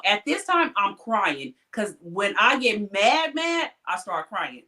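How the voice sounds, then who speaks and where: A woman in casual chat tells a story from her hospital job. She is blunt and animated, swears freely, and jumps up in pitch when she quotes people. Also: slow. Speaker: hospital technician.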